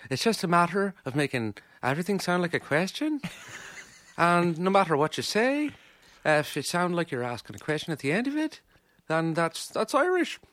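An American musician in casual chat as a podcast co-host, self-deprecating and quick to laugh. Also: male voice, a little high, sing-song, fairly bright tone, no room sound, studio quality. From United States.

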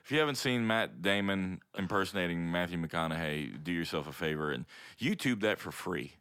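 A man's voice: sits low, expressive, brisk, a bit bright, smooth, no room sound, studio quality. A man co-hosting a podcast in casual chat, laid-back and teasing. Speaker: podcast co-host, musician.

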